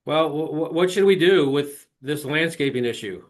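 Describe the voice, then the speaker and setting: A man playing a buyer client in a training role-play, laid-back and unhurried, away from the mic. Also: on the high side, lively intonation, voice pushed up, lightly acted. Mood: calm.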